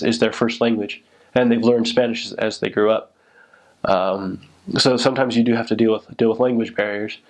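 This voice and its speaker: Young man of average pitch who rambles and corrects himself mid-sentence, recounting his mission casually. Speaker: returned missionary. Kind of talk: casual recollection.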